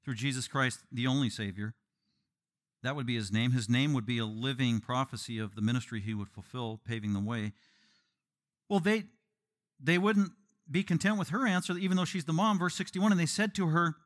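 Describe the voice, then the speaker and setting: A man preaching an expository sermon. He delivers it in an animated, emphatic way, with joking asides to the congregation. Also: mid-range voice, moderate pace. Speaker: pastor.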